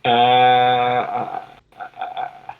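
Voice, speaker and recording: A man taking part as a player in a tabletop game, speaking at an ordinary middle pitch. He answers in short, easygoing bursts and mostly goes along with what he is told. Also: completely flat delivery, extremely slow, narrow, tinny audio. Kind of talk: casual game talk.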